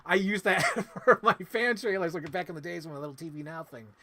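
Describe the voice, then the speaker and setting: Speaking in a high, animated, pushed and bright voice at a brisk pace, this man co-hosts a podcast film review show. His casual movie talk rambles and runs emotional, peppered with plenty of fillers.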